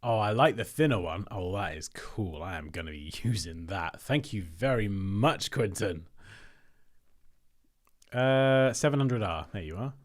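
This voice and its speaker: A man's voice: on the low side, lively intonation, a little slow. A man hosting a design-review livestream, chatting casually and thinking aloud as he works on screen.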